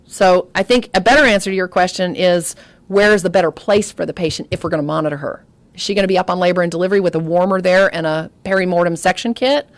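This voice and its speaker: A woman lectures at medical grand rounds, lively and chatty, turning to the audience with stories and asides. Her voice is recorded close and dry, with almost no room sound. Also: fairly low pitch, fast, no echo. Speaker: obstetrics lecturer.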